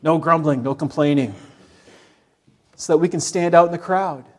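A middle-aged man preaching a sermon in an animated way, acting out the complaining voices he quotes. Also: on the high side, moderate pace. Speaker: pastor.

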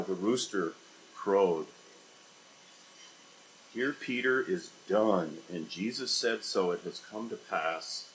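A man preaching an expository sermon, rising to loud emphatic bursts and dropping to quiet, low scripture reading. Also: slight background noise, low-quality recording.

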